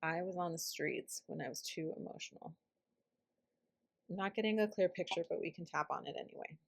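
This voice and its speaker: A woman's voice: on the low side, a little fast, creaky, breathy edge. A woman guiding a self-help tapping session, speaking reflectively and dropping to a whisper on some phrases. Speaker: EFT tapping practitioner.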